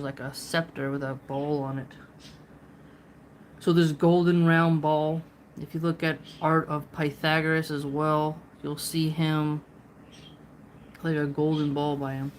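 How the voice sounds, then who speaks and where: Slow, reflective woman explaining a book. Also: deep voice, little pitch movement, a little mellow, slight background noise. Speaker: host reading and explaining philosophy. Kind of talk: casual read-along commentary.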